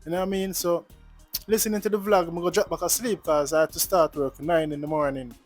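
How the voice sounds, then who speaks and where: A man's voice: on the high side, steady tone, fairly quick, soft background music. A man with a Jamaican accent talking casually to his viewers in a vlog, earnest and repetitive, mixing in patois. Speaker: vlogger.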